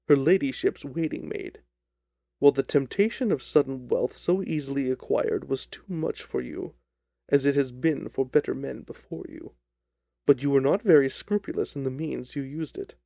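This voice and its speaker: Brief: composed, ironic sleuth, gravelly and dark in tone, dry close recording, read by a man. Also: mid-range voice, no echo. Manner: measured, dryly ironic. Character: calm, sly, confident male detective. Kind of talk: audiobook reading of a detective story.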